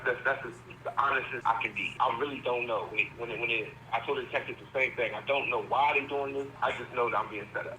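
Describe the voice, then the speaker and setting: A man in his forties from Virginia, USA, calls from prison for a candid interview, plain-spoken and earnest though a little rambling. His voice is medium in pitch with a bright, forceful tone, and the low-quality recording carries a little hiss or hum.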